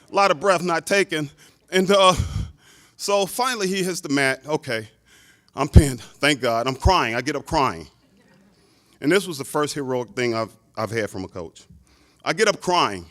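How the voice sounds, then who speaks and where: A man in his fifties, a hall of fame inductee, telling a lively story in a speech, full of asides. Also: a little high. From Chicago, United States.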